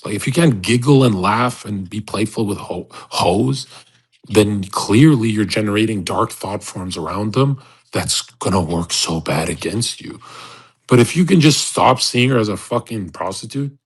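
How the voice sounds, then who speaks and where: Husky-voiced man, brash and profane. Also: expressive, normal speed. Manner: profane and brash, swings between loud outbursts and low mutters; mocks people in put-on voices. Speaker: host of a live audio chat room. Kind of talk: ranting live monologue.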